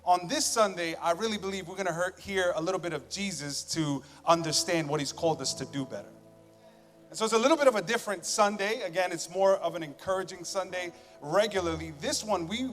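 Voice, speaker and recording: A male pastor with a somewhat high voice delivers a sermon from a church stage microphone. His voice rings out with long hall reverb over faint music. He talks in a casual, joking way, moving between loud emphasis and soft asides. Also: brisk. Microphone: stage microphone with monitors.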